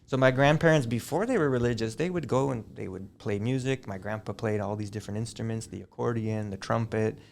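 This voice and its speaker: A middle-aged man, a high school teacher, chatting as a guest on a school podcast and telling long, digressive stories. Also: brisk, creaky, few pauses, slight background noise. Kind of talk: casual interview chat.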